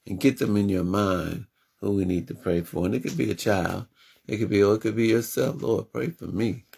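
Gravelly, husky man preaching affirmations. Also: fairly low pitch, steady tone, brisk, a little mellow. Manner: fervent, repetitive affirmations, talks directly to listeners. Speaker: radio show host. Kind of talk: inspirational radio sermon.

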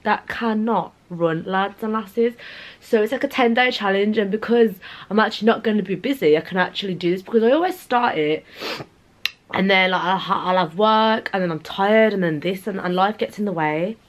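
A woman's voice: medium pitch, normal speed. A young woman talks straight to her camera at home. She rambles from one thought to the next in a playful, chatty way and keeps turning to her viewers with little asides. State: out of breath. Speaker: vlogger. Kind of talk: casual vlog to camera. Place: home, indoors.

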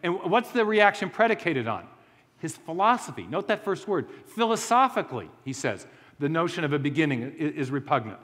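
A man's voice: fairly high pitch, expressive, brisk, a bit bright, in a large hall. A man giving a conversational lecture to a live audience, with joking asides and frequent restarts.

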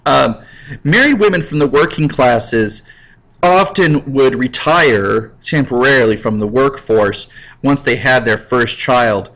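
A man's voice: medium pitch, measured pace, a bit bright, rough recording. A man teaching a history lecture in a casual, jokey way, acting out little scenes. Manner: jokey, acts out scenes in voices. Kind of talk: recorded classroom lecture.

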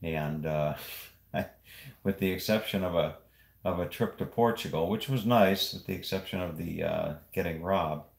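A man casually vlogging as he walks through a house, rambling with frequent halting pauses. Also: low voice, gravelly. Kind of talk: casual walk-through vlog. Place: indoors in a house.

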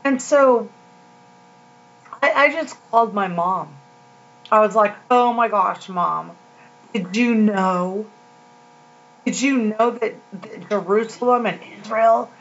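A Christian video host with a fairly high voice gives a casual, earnest devotional talk, telling stories slowly in a rambling, heartfelt way. The dull lo-fi home recording carries a little hiss or hum.

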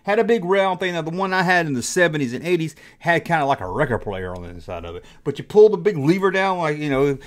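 A middle-aged man with a slightly high voice hosts a casual nostalgic vlog. He talks in a jokey, animated way and keeps acting out his childhood reactions. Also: fast talker, few pauses. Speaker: host.

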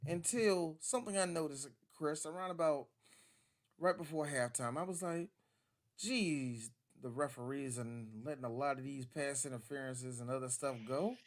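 A man co-hosting a casual sports podcast, animated and laughing often, acting out quick voices as he jokes about football. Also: medium pitch. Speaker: podcast co-host.

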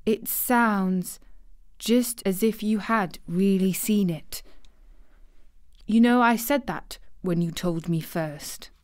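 A woman voicing a weak, excitable young boy in a storybook reading, eager and breathless. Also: medium pitch, takes it slowly, no echo, clean studio sound, natural voice. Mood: enraptured. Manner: eager and breathless, half sobbing. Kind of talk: audiobook character voice.

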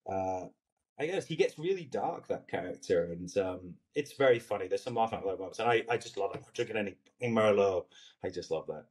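A man's voice: medium pitch, a little mellow. Rambling Scottish man in casual chat. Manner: rambling, searching for words, swearing lightly. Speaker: actor guest.

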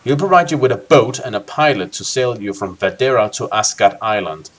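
Animated man reading a gamebook aloud. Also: fairly low pitch, a little fast. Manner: animated, expressive reading with joking asides. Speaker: let's play host.

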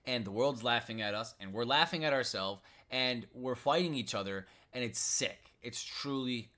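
A man's voice: mid-range voice, fairly bright tone. A man from the United States ranting about politics in a vlog, frustrated and repetitive, throwing in "bro" and "like". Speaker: commentary vlogger. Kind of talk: political rant.

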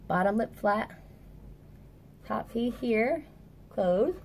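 A young woman, a music teacher, giving a casual clarinet tutorial indoors at a table, chatty and quick to correct herself. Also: on the high side, animated, darkish tone, slight background noise.

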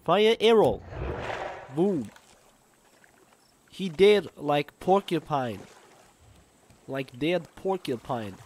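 A man's voice: on the high side, a little mellow, slight background noise. A man voicing a boastful shark hunter in a clumsy put-on foreign accent with broken grammar, while playing a video game.

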